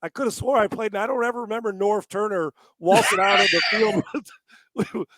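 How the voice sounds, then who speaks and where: A man co-hosting a sports talk podcast, ranting with lots of swearing, laughing often and breaking into shouts. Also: high voice, steady tone, moderate pace. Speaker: podcast co-host.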